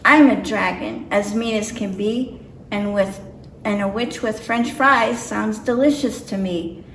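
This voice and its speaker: A woman's voice: medium pitch, unhurried, slight background noise, lightly acted. Woman reading as a mean hungry dragon. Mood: menacing. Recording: roomy echo, mic far off.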